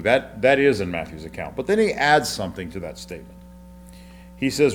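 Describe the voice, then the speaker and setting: A man's voice: fairly low pitch, very animated, a little fast, a little hiss or hum. A man preaching a sermon, teaching through Bible passages in a conversational way, with rhetorical questions and frequent restarts. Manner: repeats and restarts words while explaining.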